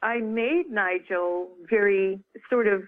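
A woman, a book author and guest, telling a story in a chatty, casual way, full of "you know" and quick restarts, heard over a phone call. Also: medium pitch. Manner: chatty, lively retelling with many "you know"s. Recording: tinny phone line.

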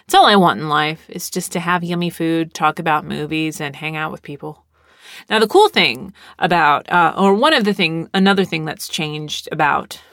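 A young adult woman hosts a solo podcast, talking casually in a rambling, sarcastic way full of fillers. Her voice is low and a bit bright, recorded at studio quality with no echo.

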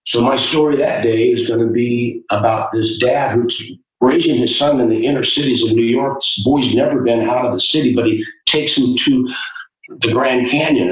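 Earnest basketball coach, roomy and distant. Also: male voice, mid-range voice, moderate pace. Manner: earnest, preacherly storytelling. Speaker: guest, youth basketball coach. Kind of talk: interview storytelling.

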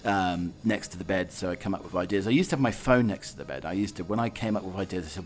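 A man's voice: sits low, fast talker, hardly any pauses. A man hosting a podcast, chatting on his own in a rambling, jokey way full of meandering asides. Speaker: podcast host. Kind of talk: casual solo monologue.

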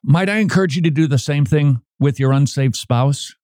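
A man hosting a radio talk show, preaching in a lively way and acting out quoted voices, often repeating his words. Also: fairly high pitch, moderate pace, dry recording, studio quality.

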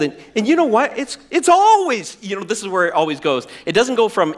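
Animated high-voiced male pastor. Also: a little fast, few pauses. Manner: animated, acts out whiny voices for effect. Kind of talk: sermon.

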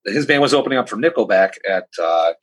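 A husky man tells restaurant stories in a loose, rambling chat. His pitch swings widely as he slips into quoted voices and back again. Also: lively intonation, fast, poor audio. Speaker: podcast co-host. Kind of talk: casual chat.

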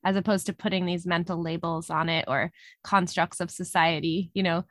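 A woman co-hosting a podcast, speaking thoughtfully in a relaxed conversation and laughing easily. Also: lowish voice, normal speed, dry recording, studio quality. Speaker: podcast co-host. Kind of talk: casual reflective conversation.

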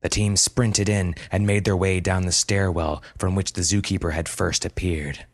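A man reading a story aloud in a steady, dramatic narration. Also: sits low, moderate pace, no echo, studio quality. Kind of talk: scripted narration. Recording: music playing under the voice.

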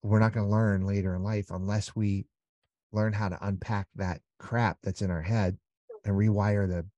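Low, mellow-voiced man talking earnestly. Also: little pitch movement, normal speed, dry recording, highs cut off. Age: middle-aged. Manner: earnest, rambling, acts out little scenes. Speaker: podcast guest. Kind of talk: candid conversational storytelling.

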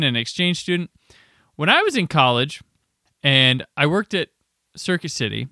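Bright, crisp-voiced male podcast host. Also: a little high, dry recording, studio quality. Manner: rambling, anecdotal, quick asides. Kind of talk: casual film chat.

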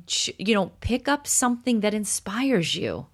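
A woman's voice: medium pitch, big pitch swings, moderate pace. A woman co-hosting a casual podcast, chatty and teasing as she talks with her co-host. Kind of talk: casual chat.

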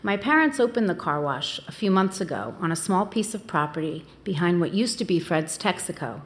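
A woman giving a live memoir reading on stage in a plain, steady way. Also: lowish voice, fairly quick. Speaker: storyteller. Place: on stage at a venue.

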